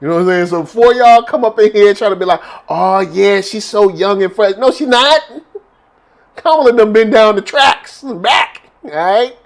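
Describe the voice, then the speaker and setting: A man co-hosting a casual chat show, laughing often, reading viewer shout-outs in a slangy, animated way. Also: sits high, normal speed. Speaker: podcast co-host.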